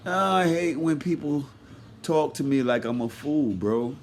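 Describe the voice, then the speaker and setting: A high-pitched man rants through his commentary, hot and mocking, full of curses. He jumps from loud shouted bursts to low grumbling asides and back again. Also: expressive, measured pace, slight background noise. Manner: heated, mocking and profane. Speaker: commentary vlogger. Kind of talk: ranting commentary.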